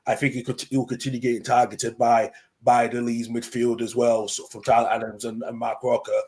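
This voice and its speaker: Rambling mid-pitched male co-host. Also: flat delivery, fairly quick, darkish tone. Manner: rambling, repeats words, trails off. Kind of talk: casual football watchalong chat.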